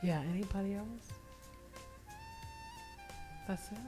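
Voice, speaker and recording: A woman's voice: medium pitch, takes it slowly, music in the background. A woman business coach answering questions at a church event, acting out her prayers and repeating phrases for emphasis. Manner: animated, acts out her own prayers and inner dialogue. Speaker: guest speaker, business coach. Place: church sanctuary, live stream.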